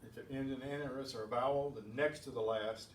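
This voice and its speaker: Here a man teaches a beginners' Spanish class in a fairly quick, mid-range voice with fairly even intonation. His methodical rule explanations come with chatty asides; the room is echoey, the mic distant, with faint ambience and a little hiss or hum.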